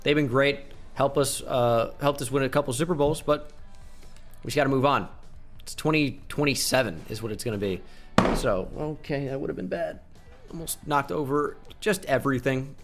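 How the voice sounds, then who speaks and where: A man talks over his own gameplay, rattling off numbers quickly and throwing in jokes. He gets excited when his team pulls ahead. Soft music plays faintly underneath. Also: mid-range voice. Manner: rattles off stats with joking asides. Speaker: gaming channel host. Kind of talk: casual video game commentary.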